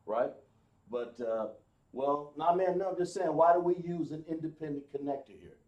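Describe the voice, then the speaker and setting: A man teaching a live class, explaining slowly, with many fillers and restarts. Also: fairly high pitch, reverberant, dull audio. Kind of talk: live online class lesson.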